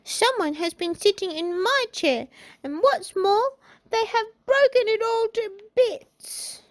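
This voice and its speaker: A woman voicing a tiny baby bear in a storybook reading, in a squeaky little baby voice. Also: lively intonation, slow pace, no room sound, full character voice. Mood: upset.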